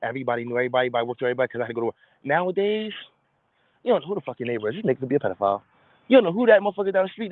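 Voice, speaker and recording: A man talking in a casual monologue, blunt and profane, slipping into quick impressions of other people. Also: a little high, no room sound. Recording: tinny phone-like sound.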